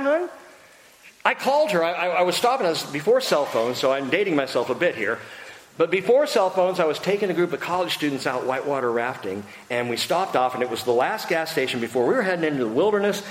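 A middle-aged man preaching a sermon as pastor, conversational and animated, laughing easily and acting out voices. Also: high-pitched. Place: church hall. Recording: echoey hall with faint noise.

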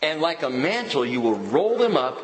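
Lively male pastor in an echoey hall. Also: fairly high pitch, moderate pace. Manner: lively preaching with jokes and personal stories. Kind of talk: sermon.

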